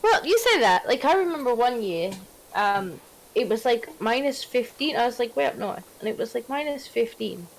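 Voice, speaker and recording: A woman from Britain chatting on a gaming stream, telling stories in an animated, incredulous way. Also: fairly high pitch, moderate pace, vocal fry, a little hiss or hum. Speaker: streamer guest. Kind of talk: casual gaming stream chat.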